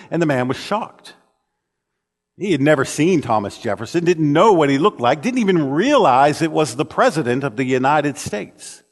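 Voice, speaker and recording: A man's voice: a little high, expressive, normal speed. A man preaching a sermon in a church, telling stories in an earnest way with frequent restarts. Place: church auditorium. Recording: long reverb of a church hall.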